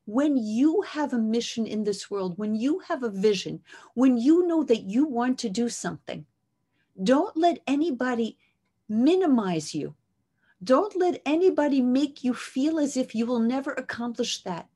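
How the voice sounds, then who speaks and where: A woman delivering an inspirational religious talk, her voice a little high. She tells the story with passion and drops in Hebrew terms. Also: animated, measured pace, warm tone. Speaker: speaker, rebbetzin.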